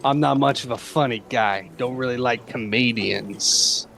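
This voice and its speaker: A man's voice: mid-range voice, measured pace, vocal fry, fairly bright tone. A man doing a curt, scornful halfling informant. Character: dismissive, gruff male halfling informant.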